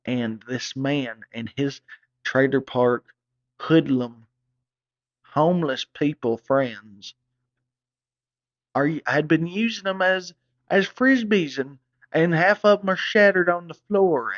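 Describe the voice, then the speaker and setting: A man telling a crude comic story in a rambling, profane, excitable way. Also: fairly high pitch, dry recording. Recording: dull, dry recording.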